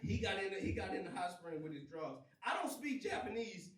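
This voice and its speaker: A man doing a stand-up comedy set, telling stories in an animated way, acting out voices and laughing as he goes. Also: high-pitched, fairly quick. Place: comedy venue with a laughing audience. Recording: roomy live sound from a distance, crowd audible.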